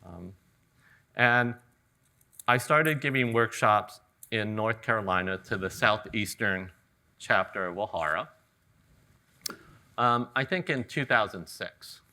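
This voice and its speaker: A middle-aged man from California giving a live flower-arranging demonstration, talking in a relaxed, joking way. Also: fairly low pitch, takes it slowly, long pauses. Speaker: ikebana demonstrator. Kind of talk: live floral demonstration talk. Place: garden event venue with audience.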